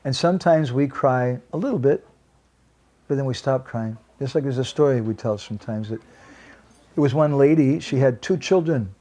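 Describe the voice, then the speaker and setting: Mellow-voiced man giving a devotional talk. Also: medium pitch, moderate pace. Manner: storytelling, gentle, asks audience questions. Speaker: lecturer. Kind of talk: devotional lecture at a home program.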